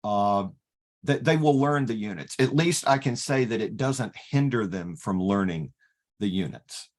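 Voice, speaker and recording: A man leading an online workshop, explaining software step by step and often pausing with "okay" to restart. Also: on the low side, lively intonation. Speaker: workshop facilitator teaching LaTeX. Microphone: video call.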